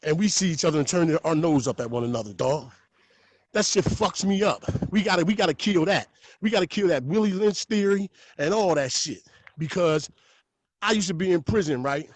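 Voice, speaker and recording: A man with a somewhat high voice, talking as a guest on a podcast. He tells his stories in an animated, profane, street-talk manner. The recording is dry and close, with no room sound. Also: moderate pace, dry recording.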